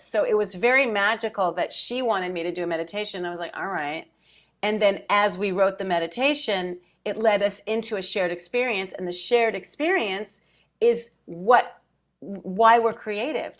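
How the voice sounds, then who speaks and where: Middle-aged woman co-host, casual and emotional, acts out what she thought. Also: medium pitch. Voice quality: emotional, close to tears at times. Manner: animated storyteller, acts out her own thoughts. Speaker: podcast co-host. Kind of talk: casual chat.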